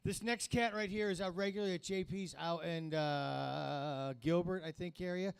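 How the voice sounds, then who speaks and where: 50s dude hosting a comedy night, kinda high voice, swears a lot, rambles between acts. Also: male voice, normal speed, gravelly, smooth. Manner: crude, rambling, joking introductions. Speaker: comedy show host. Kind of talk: stand-up emcee banter.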